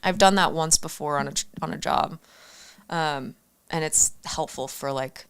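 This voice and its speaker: A woman's voice: sits low, a bit bright, clear, resonant tone. A young woman from Arizona, a guest on a talk show, chatting casually with lots of fillers and restarts. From Arizona, USA. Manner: halting, many fillers and restarts. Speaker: guest actor. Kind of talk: casual interview chat.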